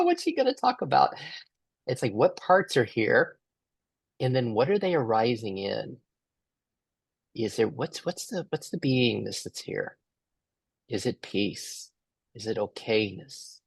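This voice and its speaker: Husky guy running a workshop, dry close sound, keeps asking questions and restarting. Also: on the low side, no room sound. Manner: musing, questioning, with many restarts. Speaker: workshop facilitator. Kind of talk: guiding a group workshop.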